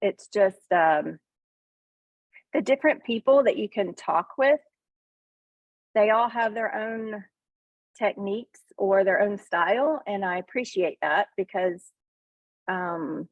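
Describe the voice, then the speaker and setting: A middle-aged woman with a Southern accent from Tennessee, a farmer telling her story in casual, hesitant talk with many pauses and ums. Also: medium pitch, no echo. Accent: Southern US (Northeast Tennessee). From Northeast Tennessee. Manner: hesitant, lots of ums, self-deprecating laughs. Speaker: farmer, coaching student. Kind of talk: casual testimonial on a video call. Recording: tinny phone-like line.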